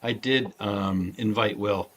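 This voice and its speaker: A man's voice: lowish voice, fairly even intonation, slow, a bit bright, breathy edge. A man co-hosting a legal talk show, explaining law in a casual way with many fillers. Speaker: lawyer co-host.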